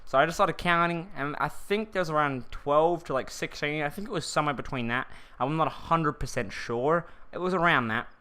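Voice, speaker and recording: Bright, slangy guy telling a story. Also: a little high, a little fast, hardly any pauses, clear, resonant tone. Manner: rambling, slangy, many restarts. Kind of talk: casual storytime vlog.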